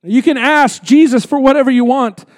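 A pastor preaching an impassioned sermon, swinging from hushed passages to shouting, and acting out the people in the story. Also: male voice, very high-pitched, fairly even intonation, moderate pace, no echo, studio quality. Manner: acts out the pleading nobleman.

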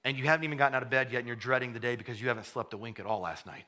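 In this sermon, a pastor with a mid-range voice races along, talking conversationally and repeating words, then climbing to fervent emphasis and dropping back to a hush. He notes that he has a cold.

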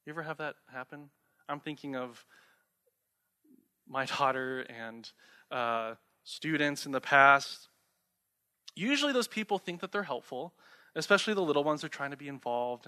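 Young male pastor, friendly conversational preaching, bright and a touch high. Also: clear, resonant tone. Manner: conversational preaching with rhetorical questions. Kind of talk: sermon.

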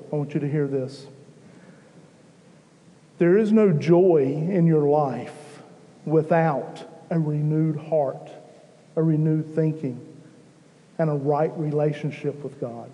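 A man preaching a sermon to his church, slow and emphatic, rising in intensity at key moments. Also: fairly high pitch, dark tone, in a large hall, dull audio. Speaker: pastor.

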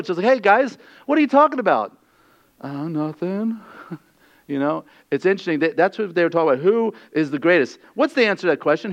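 A male pastor preaching a sermon in a conversational, animated way, acting out the quoted lines. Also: on the high side, highs cut off.

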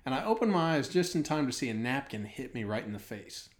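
A middle-aged man casually chatting, telling an animated anecdote and laughing through it. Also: medium pitch, quick pace. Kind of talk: casual storytelling chat.

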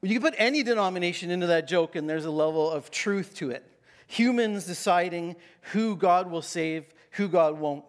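A man with a notably high-pitched voice gives a Sunday sermon. He talks casually, jokes at his own expense, and keeps a conversational tone with the congregation. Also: moderate pace. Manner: casual, self-deprecating and joking. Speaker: pastor. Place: church.

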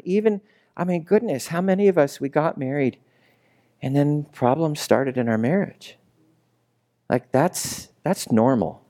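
A man's voice: fairly high pitch, a little mellow. A man preaching a casual, chatty sermon, telling stories and asking the congregation questions. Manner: storytelling, chatty, asks the room rhetorical questions. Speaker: pastor.

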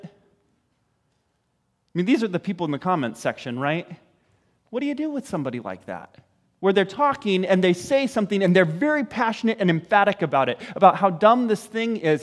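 A man preaching a sermon, talking conversationally and building to emphatic rhetorical questions. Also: sits high. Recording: long hall reverb.

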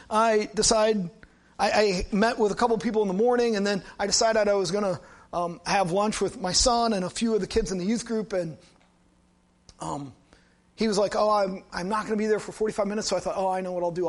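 A middle-aged male pastor with a strikingly high voice delivers a storytelling sermon in an easy, conversational style. He shares a personal story full of lively asides, as though chatting with friends.

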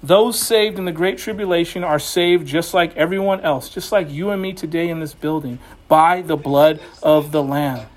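A man's voice: fairly high pitch, steady tone, moderate pace, hardly any pauses. A man pastoring a church, preaching a sermon in a folksy, talkative way full of "you know"s. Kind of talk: conversational sermon. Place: church building.

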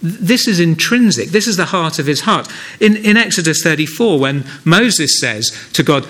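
A man's voice: a little high, animated, normal speed, a bit bright. A man preaching a sermon in a church, earnest and conversational, often asking the listeners rhetorical questions.

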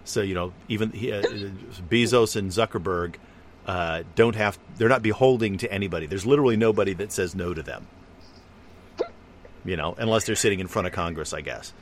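A man's voice: low-pitched, a little fast, slight background noise. A man in casual conversation, musing at length and rambling through his explanations. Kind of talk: casual chat.

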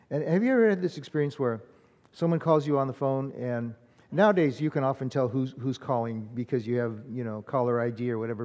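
A man preaching an Easter sermon, with a relaxed, mellow tone and a conversational pace full of small fillers. His voice rings out through a church with a long reverb tail. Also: medium pitch. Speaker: pastor. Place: church sanctuary.

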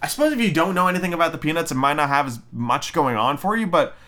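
Quick-paced and a little high, the host's bright, forceful voice has lively intonation as he rambles through a movie review on his podcast. He swears, stumbles with ums and restarts, and jokes by mimicking characters mockingly.

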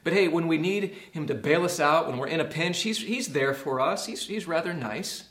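A man preaching a sermon as a pastor, earnest, dropping to a hush and rising to emphasis. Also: on the high side, expressive, moderate pace, roomy sound. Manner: earnest, swings from hushed to emphatic.

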